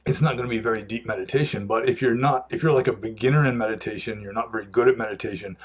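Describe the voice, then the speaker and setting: A low, husky male voice, a monk talking through viewer questions off the cuff. He circles back and restarts his phrases as he thinks aloud. The sound is dull and lo-fi. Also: fast talker. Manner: rambling with frequent restarts and fillers. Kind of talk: unscripted Q&A talk.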